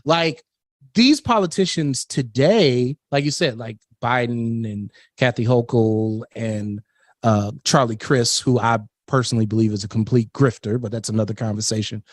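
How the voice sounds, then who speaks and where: A man's voice: medium pitch, normal speed, no room sound, clean studio sound. A man hosting a political talk radio show, blunt and opinionated, laughing between his points.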